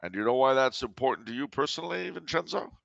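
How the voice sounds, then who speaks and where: A man's voice: mid-range voice, lively intonation, fast, creaky, a bit bright, no echo, muffled recording. A man hosting a casual podcast chat, talking in a dry, teasing way and breaking into sung jokes. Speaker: podcast host.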